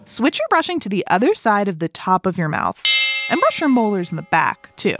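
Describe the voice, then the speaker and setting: Upbeat woman hosting a kids show, super bouncy pitch, music behind her. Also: sing-song, a little fast. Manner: upbeat, instructive. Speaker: host.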